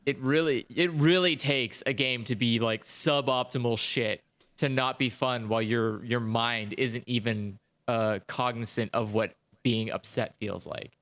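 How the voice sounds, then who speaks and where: A man's voice: medium pitch, steady tone, unhurried, fairly bright tone. A man in casual chat about video games, ranting animatedly and swearing a lot.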